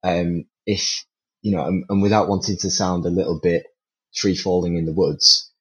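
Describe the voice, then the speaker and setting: A man's voice: low voice, steady tone, moderate pace, a bit bright, rough recording. A man on a casual panel, giving his opinion in rambling sentences full of restarts and the odd laugh at himself. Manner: rambling, many restarts, self-deprecating laughs.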